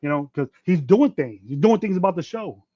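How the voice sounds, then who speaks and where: Speaking fairly quickly with lively intonation, a man in his fifties hosts a sports podcast and rants bluntly on a casual livestream, cursing freely and restarting as he rambles. His voice sits high and sounds mellow. The dull, dry lo-fi mic has no echo.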